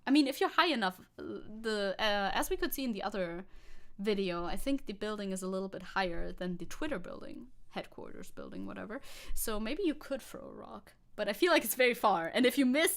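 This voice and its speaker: A woman streamer chatting casually on a live stream, sarcastic and quick to swear, with laughing asides. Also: a little high, a bit bright. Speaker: VTuber streamer.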